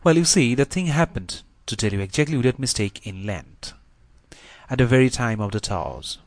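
A man's voice: mid-range voice, lively intonation, moderate pace, dry recording, close to an everyday voice. A man voicing a thin, talkative middle-aged country doctor who tells his tale in a chatty, confiding way, read as an audiobook. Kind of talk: audiobook reading.

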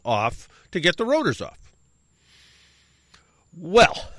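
Lively, bright-voiced middle-aged man rambling. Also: medium pitch, no room sound, studio quality. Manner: rambling, self-correcting anecdote with wry asides. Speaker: radio show host. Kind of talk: casual storytelling.

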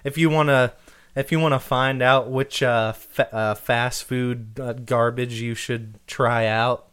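A man with a smooth, resonant voice co-hosts a podcast in loose comedic chat. He rambles along with plenty of fillers and laughs, at a middle pitch. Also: steady tone, measured pace, fairly bright tone. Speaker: podcast co-host.

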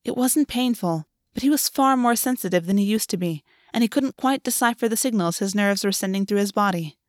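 A woman reading a fan fiction story aloud in a steady, even narration. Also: mid-range voice, brisk, no room sound, clean studio sound. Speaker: audiobook reader.

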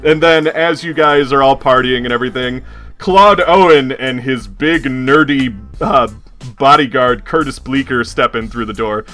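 Bright-voiced man running a tabletop game. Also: medium pitch, moderate pace, soft background music. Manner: rambling, filler-heavy, laughing often. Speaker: game master.

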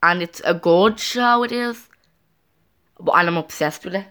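A young woman talks at home in a loose, rambling chat, breaking off and restarting her sentences as she goes. Her voice sits a little low for a woman, and she keeps it easygoing and conversational. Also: unhurried, fairly bright tone, clean tone. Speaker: vlogger. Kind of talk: casual chat to camera.

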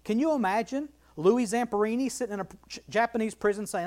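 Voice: mid-range voice, quick pace, a little mellow. A Bible teacher leading a verse-by-verse study, emphatic, repeating key phrases and asking rhetorical questions.

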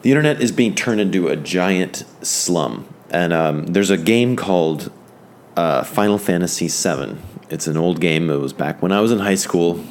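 A man's voice: sits low, expressive, normal speed, slight background noise. A man giving an informal, fervent Bible lesson. He rambles, stopping and restarting with many fillers. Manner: fervent, enthusiastic. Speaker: Bible teacher.

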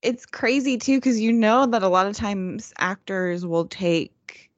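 A woman's voice: medium pitch, fairly even intonation, measured pace, no echo, lo-fi sound. A woman co-hosting a podcast in casual chat. She talks hesitantly, trailing off and using fillers. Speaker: podcast co-host.

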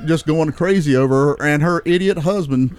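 High-voiced man telling a wild story. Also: normal speed, clean tone. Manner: animated, acts out his own lines with rising emphasis, repeats "I said". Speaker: recurring podcast guest, storyteller. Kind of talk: casual storytelling chat.

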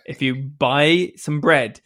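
A man's voice: on the high side, takes it slowly, fairly bright tone. A British man from the UK chatting casually and enthusiastically on a podcast, laughing often. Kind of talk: casual chat.

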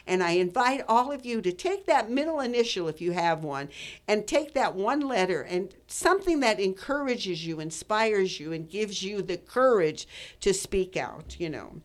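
A woman's voice: mid-range voice, expressive, moderate pace. Older lady radio host in her 80s, rambly and chatty, lots of you knows, in the studio. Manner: chatty, rambling, with many fillers and restarts. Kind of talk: casual radio talk, storytelling.

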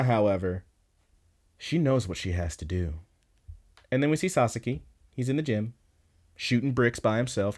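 A man co-hosting a podcast, casually recapping an episode in a profane, animated way, acting out the characters' lines. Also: mid-range voice. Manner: profane, animated retelling with quoted voices. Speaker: podcast co-host.

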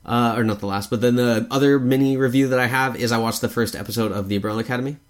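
Young man, podcast co-host, lively storyteller, easy laughs, casual swearing. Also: medium pitch, racing. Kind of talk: casual chat.

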